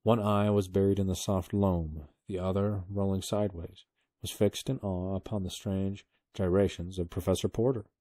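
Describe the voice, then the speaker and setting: Dad reading a story to his kids, deep and mellow, dry close mic. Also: normal speed, no room sound. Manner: steady storytelling. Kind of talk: reading a book aloud.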